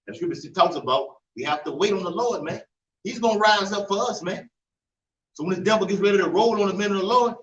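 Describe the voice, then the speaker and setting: A man's voice: high-pitched, fairly bright tone. A man in a casual scripture discussion, speaking in slangy, easygoing talk and calling others "man". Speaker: member of a religious group discussion. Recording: far, echoey, dull-sounding room mic.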